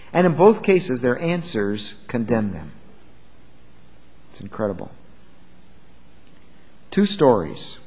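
Emphatic man preaching in a reverberant hall. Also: medium pitch. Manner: lively, emphatic, conversational preaching with rhetorical questions. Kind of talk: sermon.

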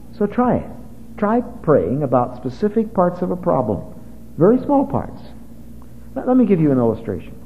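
A man preaching a sermon, his voice swinging widely in pitch as he builds to emphatic high points. His tone is mellow and somewhat high for a man. The church recording sounds dull and lo-fi. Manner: animated preaching, rising to emphatic peaks. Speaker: pastor. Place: church service.

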